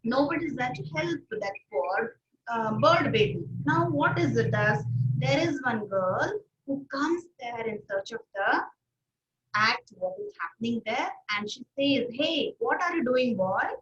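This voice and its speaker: A woman teacher explains a story to young pupils and asks them frequent questions in a high voice. She sounds far from the mic. The recording is roomy and muffled. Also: lively intonation, unhurried, fairly bright tone, slight background noise. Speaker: English teacher.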